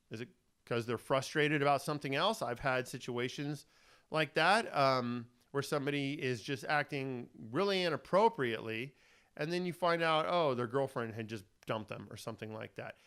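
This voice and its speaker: A man's voice: a little high, fairly bright tone, clear, resonant tone. A middle-aged man hosting a self-help talk, speaking in an earnest, rambling, fatherly way. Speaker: host. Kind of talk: casual self-help monologue.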